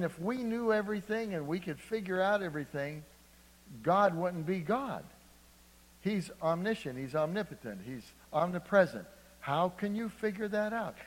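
Preacher in a reverberant hall. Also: male voice, fairly high pitch. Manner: conversational, asks the congregation "Amen?". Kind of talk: sermon.

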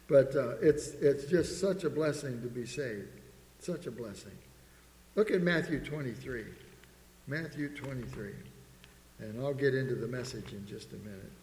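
A man's voice: mid-range voice, darkish tone, slight background noise. Preaching man in an echoey hall. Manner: preaching with rising emphasis, asks the congregation "Amen?". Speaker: pastor. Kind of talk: sermon. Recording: echoey hall with long reverb.

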